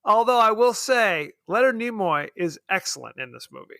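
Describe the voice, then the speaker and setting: High bright-voiced joking man. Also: very animated, moderate pace, gravelly, no room sound, clean studio sound. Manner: sarcastic, joking, laughs often. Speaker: podcast co-host. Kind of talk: casual film review chat.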